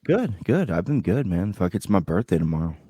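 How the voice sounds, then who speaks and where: Deep-voiced joking American man. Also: sing-song, fairly quick, warm tone, husky, no room sound. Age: around 30. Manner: loose, joking, crude banter. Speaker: podcast co-host. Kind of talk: casual chat.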